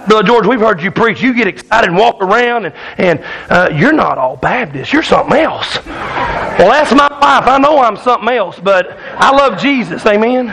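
Folksy high-voiced preacher. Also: male voice, normal speed, a crowd in the background, poor audio. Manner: folksy, animated, draws laughs from the congregation. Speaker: pastor. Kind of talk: sermon with a storytelling hunting anecdote. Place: church sanctuary.

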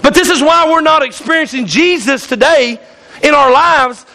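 A man's voice: very high voice, normal speed, bright, forceful tone. A male pastor preaching a fiery sermon in church, hollering and calling out to the congregation. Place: church sanctuary.

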